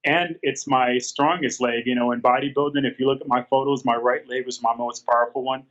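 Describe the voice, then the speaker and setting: An earnest man in his fifties talks at an easy middle pitch, rambling through his story with plenty of fillers and halting restarts. The sound is dull and lo-fi, with the top end rolled off. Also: fairly even intonation, fairly bright tone. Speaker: guest, former pro bodybuilder. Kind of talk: casual interview storytelling.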